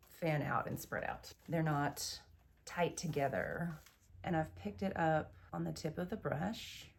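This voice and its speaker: A woman's voice: low voice, a little mellow. A woman hosting a makeup tutorial, chatty and enthusiastic, explaining each step as she goes. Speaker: beauty vlogger.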